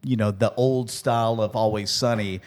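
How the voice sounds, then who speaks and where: A man's voice: lowish voice, normal speed. A man who works as a radio host, telling stories in a casual podcast chat and acting out the quoted lines. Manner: animated storyteller, acts out quotes.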